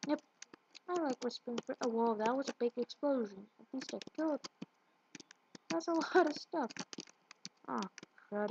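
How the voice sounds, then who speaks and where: A woman giving casual gameplay commentary, rambling and tripping over her words. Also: high-pitched. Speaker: let's play gamer. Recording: muffled lo-fi with loud hiss.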